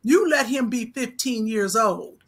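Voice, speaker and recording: A woman's voice: on the high side, lively intonation, measured pace. A woman co-hosting a casual chat who speaks frankly and teases her friend. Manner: frank, teasing. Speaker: co-host.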